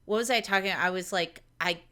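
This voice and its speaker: A woman's voice: mid-range voice, lively intonation, normal speed, pushed and bright. A woman co-hosting a podcast, chatting casually and laughing. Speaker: podcast co-host. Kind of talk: casual chat.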